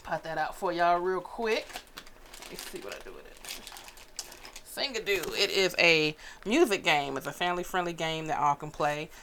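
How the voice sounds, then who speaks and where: A woman's voice: fairly low pitch, animated, moderate pace, fairly bright tone, slight background noise. A woman comedian as a podcast guest, talking loosely and playfully and laughing often. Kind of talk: casual chat.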